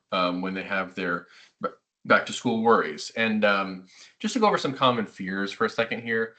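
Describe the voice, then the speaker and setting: A middle-aged man, a therapist, giving a conversational webinar talk to parents and acting out quoted remarks. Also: on the low side. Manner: conversational, animated, acts out quotes. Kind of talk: webinar presentation.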